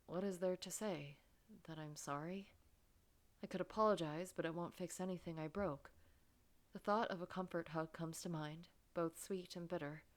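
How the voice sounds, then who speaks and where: A woman voicing a guilt-ridden young man in a game, reading his inner thoughts quietly and a little lower than her own voice. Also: fairly even intonation, moderate pace, natural voice. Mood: subdued. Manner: subdued, low first-person inner monologue.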